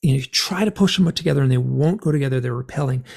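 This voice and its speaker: Gravelly, husky man telling a story. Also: medium pitch, quick pace. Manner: animated, rambling, filler-heavy. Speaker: guest author and experiencer. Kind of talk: conversational storytelling.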